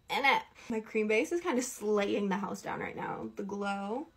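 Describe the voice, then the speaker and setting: A young woman from Canada talks through her makeup routine in a casual, rambling tone. Her voice has a slightly breathy, husky texture. It sits at an ordinary middle pitch for a woman. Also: expressive, unhurried. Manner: chatty, rambling, upbeat product talk. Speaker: beauty creator. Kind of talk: casual makeup tutorial chat.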